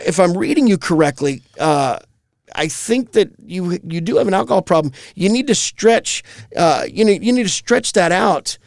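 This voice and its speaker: A man's voice: sits high, animated, normal speed, creaky, no echo, clean studio sound. A man voicing a fussy know-it-all male professor who hesitates and lectures. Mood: lecturing.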